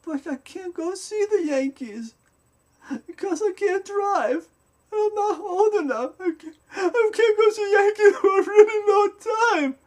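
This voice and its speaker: A man voicing his small son, a little boy weeping in despair, in a high, halting, sobbing voice. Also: lively intonation, darkish tone. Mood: tearful.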